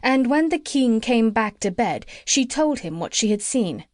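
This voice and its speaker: Woman, storybook narration, gentle, measured, dry close recording. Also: fairly high pitch, sing-song, no room sound. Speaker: audiobook narrator.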